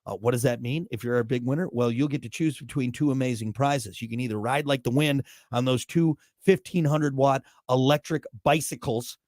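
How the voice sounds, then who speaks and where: A man's voice: mid-range voice, brisk, few pauses, darkish tone, no echo. Man, radio host, thirties, casual joking banter, dry close studio sound. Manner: joking, rambling, self-mocking.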